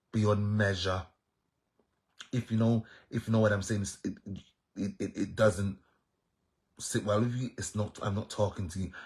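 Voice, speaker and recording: A man with a Jamaican accent addresses his viewers directly in a casual monologue, emphatic and repetitive, holding firm to his opinions. His voice is lowish and a little mellow, with a breathy edge. He's a social media commentator.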